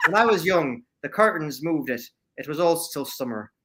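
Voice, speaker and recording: A man reading a poem in a put-on Irish brogue, tentative and halting, in a restaurant. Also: a little high, expressive, very noisy, voice pushed up, lightly acted. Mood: wistful.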